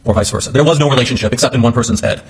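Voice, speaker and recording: A male defense attorney delivers a closing argument in a courtroom at a brisk, hurried clip. His voice has a husky edge, and he talks in a loose, conversational way, full of asides and restarts. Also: medium pitch.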